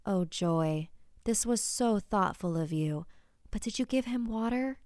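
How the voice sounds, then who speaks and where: A woman voicing a cheerful, calmly sinister mother who speaks in a soothing, matter-of-fact way. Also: medium pitch, measured pace, no room sound, studio quality, voice pushed up, lightly acted. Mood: cooing.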